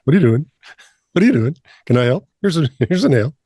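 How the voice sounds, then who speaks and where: A man voicing an excited, friendly black Labrador who fires off repetitive questions. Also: a little high, quick pace, husky, no room sound, clean studio sound, pitched below the performer's own voice. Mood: eager. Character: eager friendly black lab dog.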